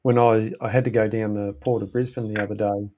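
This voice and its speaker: Man, lowish voice, casual rambling chat with fillers. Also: level tone, fairly quick, mellow, a little hiss or hum.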